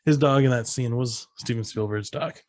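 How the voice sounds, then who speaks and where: In a casual movie recap on a podcast he co-hosts, a man walks through a film scene by scene, raising his voice to act out its lines. His voice is mid-range, his pace moderate, and there's no echo.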